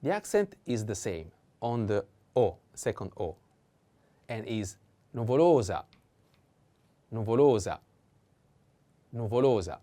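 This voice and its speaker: A man teaching vocabulary in a patient language lesson, repeating each word slowly and pausing with fillers. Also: fairly low pitch, big pitch swings, mellow. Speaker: Italian teacher.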